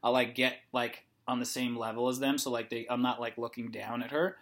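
A man's voice: medium pitch, level tone, a little fast, fairly bright tone. A young man casually telling a long story, rambling with lots of "like" and acting out the dialogue. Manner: rambling, heavy use of "like", acts out dialogue.

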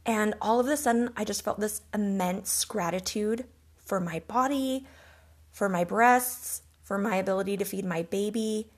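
A woman's voice: mid-range voice, normal speed. A woman hosting a podcast, telling a personal story in an earnest, reflective and emotional way. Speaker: podcast host.

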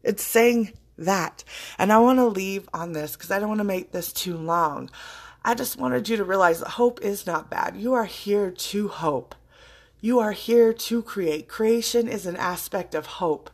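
A woman's voice: medium pitch, measured pace. A woman hosting a podcast, talking in a casual, heartfelt motivational monologue, choked up with emotion and swearing freely. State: choking up with emotion. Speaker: podcast host.

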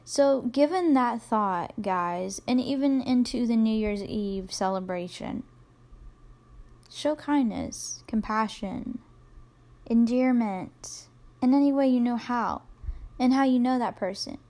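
A woman's voice: a little high, slow pace, a little mellow. Rambling young woman podcaster. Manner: rambling, self-deprecating, lots of fillers. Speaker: podcast host. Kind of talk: casual solo podcast monologue.

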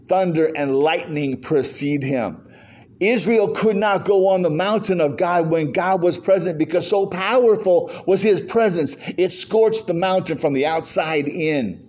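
A man's voice: a little high, a little mellow. An older man preaching a sermon as pastor, firing rhetorical questions with joking asides.

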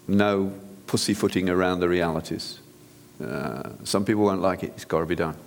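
A man's voice: deep voice, moderate pace, vocal fry, in a large hall, a little hiss or hum. A man, a physician, giving an earnest, direct sermon-style talk to an audience, often restarting his sentences. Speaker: physician speaker.

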